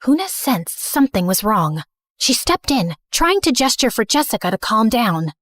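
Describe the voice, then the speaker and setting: Woman, first-person story narrator; a bit high, earnest, dry close recording. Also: sing-song, moderate pace, fairly bright tone, no room sound.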